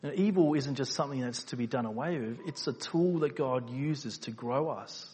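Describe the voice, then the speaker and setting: A man preaching a sermon, asking rhetorical questions and repeating phrases for emphasis, moving between quiet low stretches and loud emphatic peaks. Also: normal speed, breathy edge. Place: church hall. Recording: reverberant hall.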